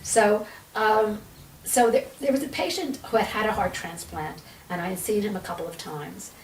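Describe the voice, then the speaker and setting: A woman's voice: mid-range voice, normal speed, slight background noise. A woman guest in a podcast interview, telling a story with energy and acting out the dialogue she quotes. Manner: lively storyteller who acts out quoted dialogue. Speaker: guest, energy healer and author. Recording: echoey room, voice a little far from the mic.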